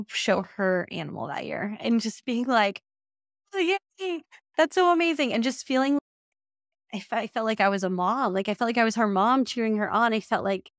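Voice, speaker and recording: A woman's voice: medium pitch, no echo. A young adult woman speaks on her own podcast as a business coach. Her talk is casual and heartfelt, and she sounds close to tears at times. The recording is dry, with no room sound. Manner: heartfelt, emotional, says y'all often.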